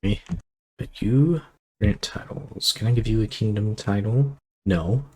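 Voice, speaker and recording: A man's voice: fairly low pitch, a little slow, darkish tone, slightly rough, low-quality recording. A man casually commenting on his strategy game as he plays, thinking aloud and rambling with fillers and asides. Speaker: gameplay commentator.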